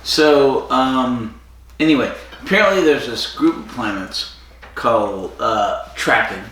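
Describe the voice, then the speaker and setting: A man's voice: medium pitch, slow pace. Man chatting in a very echoey room. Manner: animated retelling, acts out characters' lines. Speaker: podcast co-host. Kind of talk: casual chat recapping an episode. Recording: very echoey room with faint noise.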